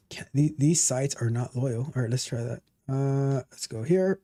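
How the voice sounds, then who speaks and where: A man hosts a casual tech livestream and reads a news article out loud as he goes. His voice is mellow and dark, in a mid range. He mutters to himself, repeats words and grumbles when the page misbehaves. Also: mid-range voice, a little slow. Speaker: livestream host. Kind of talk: casual live commentary while reading an article.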